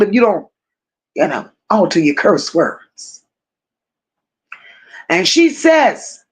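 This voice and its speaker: A woman with a mid-range voice reads her viewers' comments out loud and responds while hosting a live stream. Her pace is slow, she repeats phrases for emphasis, and she speaks to her audience like close friends.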